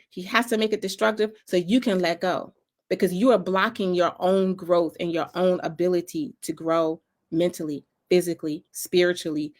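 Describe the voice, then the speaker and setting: Southern woman, North Carolina accent, motivational speaker; emphatic, repetitive preaching cadence, mid-pitched voice. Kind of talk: inspirational faith talk.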